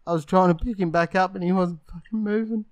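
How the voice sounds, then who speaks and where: A man's voice: high-pitched, fairly even intonation, fast talker, no echo. A young man who talks crudely and acts panicked while playing a prank on a friend. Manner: crude, swearing, acting panicked. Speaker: podcast guest.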